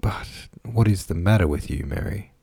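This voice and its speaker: A man's voice: deep voice, expressive, moderate pace, vocal fry, mellow, slightly rough, dry recording, clean studio sound, full character voice. A man voicing a hot-tempered, remorseful landowning husband in an audiobook, speaking earnestly to his wife. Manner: heated then contrite.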